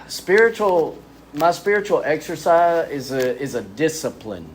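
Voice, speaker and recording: A man giving a lively, self-mocking recovery talk as a speaker at a men's spiritual retreat. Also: a little high, a little slow, a little hiss or hum. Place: retreat gathering.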